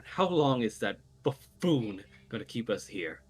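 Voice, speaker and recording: A man voicing an impatient, sharp-tongued old witch woman who talks in a sneering, dismissive way. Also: mid-range voice, sing-song, measured pace. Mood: scornful.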